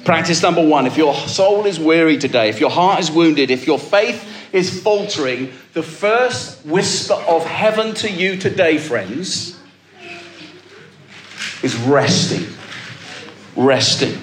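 A man's voice: fairly high pitch, expressive, slow, reverberant, a little hiss or hum. A male pastor preaching a sermon to a congregation, emphatic and calling out to the listeners. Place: church with a live congregation.

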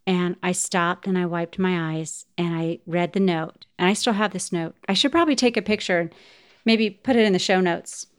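A woman's voice: lowish voice, moderate pace, clean tone. A middle-aged woman hosting a podcast, telling a personal story in a heartfelt way and speaking straight to her listeners. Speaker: podcast host.

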